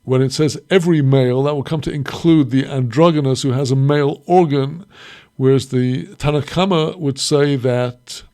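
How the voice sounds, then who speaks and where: A man teaching a recorded Mishnah lesson, reading short Hebrew phrases and explaining each one slowly in English. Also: mid-range voice, a little mellow, smooth. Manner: explains slowly, quotes Hebrew then translates. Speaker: Torah teacher.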